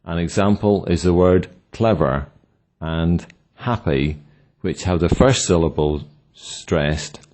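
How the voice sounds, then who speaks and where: A man reading a scripted language lesson in a slow, deliberate, instructional way. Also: low voice, a little mellow. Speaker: language teacher. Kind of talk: scripted narration.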